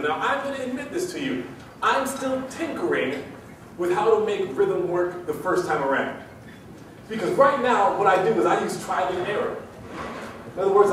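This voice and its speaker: A man giving a live seminar talk to an audience, animated and drawing them into call-and-response. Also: sits high, slight background noise. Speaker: public speaking trainer. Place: large room with audience. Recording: echoey hall from far off.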